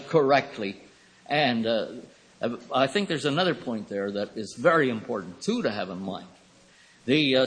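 A man giving a Bible lecture in a thoughtful, rambling way, with pauses and fillers. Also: medium pitch, breathy edge. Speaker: Bible teacher. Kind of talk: classroom lecture. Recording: reverberant hall recording.

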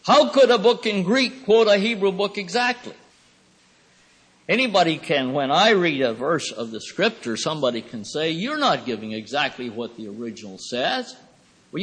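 Husky, high-voiced man lecturing in a hall. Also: fairly bright tone. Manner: rambling, thoughtful, with many pauses and fillers. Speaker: Bible teacher. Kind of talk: classroom lecture. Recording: reverberant hall recording.

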